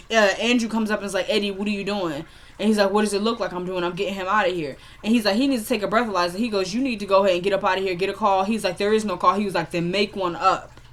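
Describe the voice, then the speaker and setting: A woman's voice: medium pitch, fairly bright tone. A young woman casually recapping a TV episode, chatty and opinionated, retelling scenes by quoting the characters. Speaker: TV episode reviewer.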